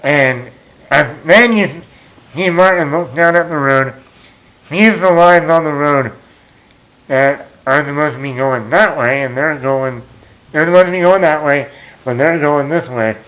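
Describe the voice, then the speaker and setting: A man's voice: on the high side, unhurried, a bit bright, rough recording. A man hosting a movie talk show, rambling casually as he retells scenes and quotes lines with chuckles.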